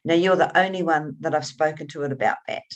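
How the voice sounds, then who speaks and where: A woman with a fairly low-pitched voice talks through an interview about her work. She tells her stories with animated expression, breaking off and restarting as she goes. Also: quick pace, muffled recording, noisy background. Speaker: author being interviewed. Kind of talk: conversational interview.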